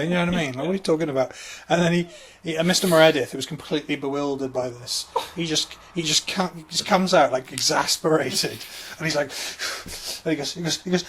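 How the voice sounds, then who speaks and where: A man's voice: fairly high pitch, brisk, few pauses, fairly bright tone, breathy edge. Rambling, anecdotal male podcast co-host. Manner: rambling anecdotal storytelling with lots of fillers. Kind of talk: casual comedy podcast chat.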